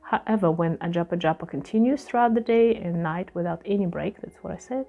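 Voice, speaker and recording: Soft-spoken woman teaching yoga, low voice. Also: gravelly, highs cut off. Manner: reads text passages aloud, then explains them loosely in her own words; unhurried, with many fillers and pauses. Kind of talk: explaining a yoga scripture to viewers.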